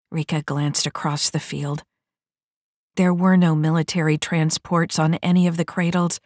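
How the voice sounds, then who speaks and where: Brief: woman audiobook narrator, low voice, dry close sound, steady delivery. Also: moderate pace, dry recording.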